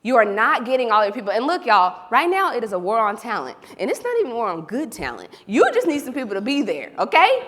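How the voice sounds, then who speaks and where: Woman, lively keynote storyteller, forceful bright voice, hall echo. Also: a little high, fast talker, few pauses. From Oklahoma. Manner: animated, storytelling, talks to the audience directly. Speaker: keynote speaker. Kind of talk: motivational keynote speech. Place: large hall. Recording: reverberant event hall.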